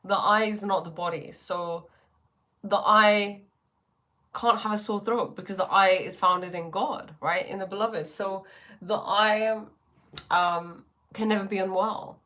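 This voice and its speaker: A woman's voice: medium pitch, steady tone, a little slow, pushed and bright. A woman hosting a casual spiritual livestream from her bedroom. She speaks reflectively, with a sore throat, greeting viewers and using many fillers.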